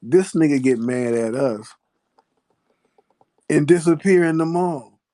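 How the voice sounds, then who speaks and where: A man's voice: on the high side, slow pace, dark tone. A man telling a story in a laid-back, profane way, laughing often as he goes. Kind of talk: casual storytelling.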